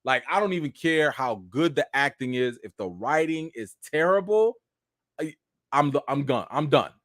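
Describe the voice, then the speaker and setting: A young adult man hosting a live chat stream about film news, talking straight to his viewers in a casual, animated way. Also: a little high, normal speed, no room sound, studio quality. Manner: animated, talks straight to viewers with lots of "y'all" and "okay".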